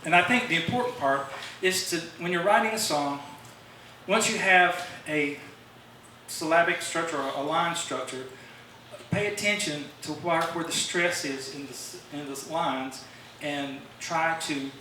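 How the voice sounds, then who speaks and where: At a club meeting, a man talks loosely about songwriting, wandering with fillers and false starts. His voice sits a little high, measured in pace, pushed and bright. The recording catches him from afar in a meeting room with heavy echo, a distant mic, and faint hiss.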